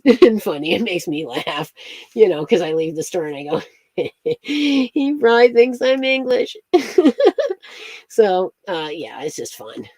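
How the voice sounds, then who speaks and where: A woman's voice: low-pitched, mellow, husky, dry recording. A woman chatting casually on a livestream, rambling from story to story, laughing often and greeting viewers by name. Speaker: astrology streamer.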